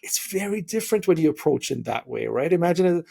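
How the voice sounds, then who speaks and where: Gravelly, husky man hosting a podcast. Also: on the high side, quick pace. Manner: storytelling, animated, many fillers. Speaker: podcast host. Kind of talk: casual interview conversation.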